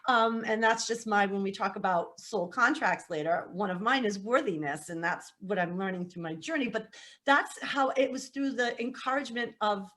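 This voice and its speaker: A woman's voice: mid-range voice, normal speed. A middle-aged woman, a psychic medium guest, telling her life story in a casual podcast chat, laughing and acting out what people said. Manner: animated, laughing, acts out quotes.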